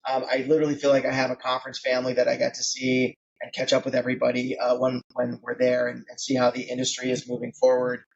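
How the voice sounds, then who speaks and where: A man's voice: medium pitch, monotone, fast talker, creaky, few pauses, lo-fi sound. A man in his late forties, a founder being interviewed on a podcast, talking conversationally with many fillers. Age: 40s. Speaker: guest founder.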